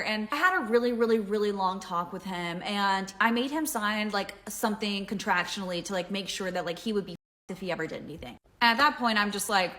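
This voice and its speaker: Young woman, casual storytime, exasperated venting, frequent fillers, medium pitch. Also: fairly quick, fairly bright tone. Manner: exasperated, heavy use of "like". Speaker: person telling her own story.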